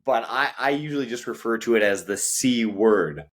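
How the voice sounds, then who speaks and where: A young man co-hosting an English lesson, explaining things in a measured, hesitant way with frequent "um"s. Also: mid-range voice. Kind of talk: casual conversational teaching.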